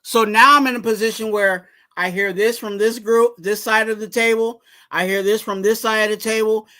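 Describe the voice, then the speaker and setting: Bright-voiced man rambling through sports talk. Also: sits high, steady tone, normal speed. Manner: rambling, restarts, asks viewers to subscribe. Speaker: fan channel host. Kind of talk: casual sports commentary vlog.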